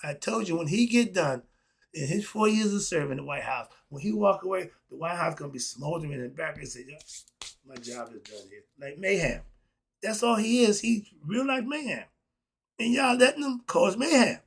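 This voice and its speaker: A middle-aged man, giving a blunt, ranting opinion monologue that swings between muttering and loud outbursts. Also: sits high, expressive, moderate pace, gravelly, slightly rough. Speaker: commentary vlogger.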